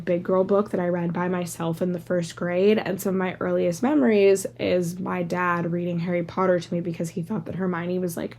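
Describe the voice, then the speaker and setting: A woman in her thirties hosting a solo podcast, rambling casually through tangents with lots of "like" fillers. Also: lowish voice. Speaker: podcast host.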